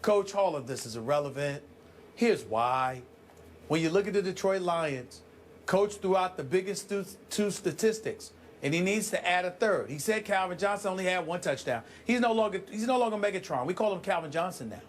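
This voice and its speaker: A man co-hosting a heated sports debate show, talking with emphatic, drawn-out dramatic delivery. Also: high-pitched, animated, a little hiss or hum.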